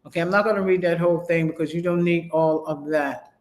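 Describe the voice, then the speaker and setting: High-voiced man teaching a terminology class. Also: steady tone. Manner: reads textbook aloud, repeats and spells key terms slowly; chatty, addresses students directly with "y'all". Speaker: medical terminology instructor. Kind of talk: casual online class lecture.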